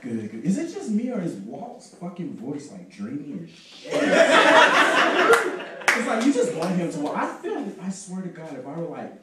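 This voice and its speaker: A man doing stand-up at an open mic, swooping wildly up and down in pitch as he swears and riffs. He is heard from a distance in a very echoey room, with loud noise behind him. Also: measured pace. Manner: animated, profane, jumping between voices. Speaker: stand-up comedian. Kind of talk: stand-up comedy set. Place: small club at an open mic.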